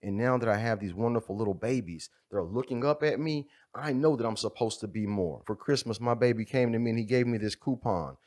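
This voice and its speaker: A man delivers an impassioned, preacher-like monologue, leaning on repeated refrains. His voice sits at an ordinary middle pitch. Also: a little fast, few pauses, darkish tone. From USA. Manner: fervent, preacher-like, repetitive refrains. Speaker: video creator speaking on fatherhood.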